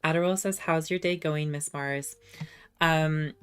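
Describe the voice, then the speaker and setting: A young adult woman streamer chatting casually with viewers, self-deprecating and halting when she tries French. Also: low-pitched, steady tone, clear, resonant tone, soft background music. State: slightly under the weather.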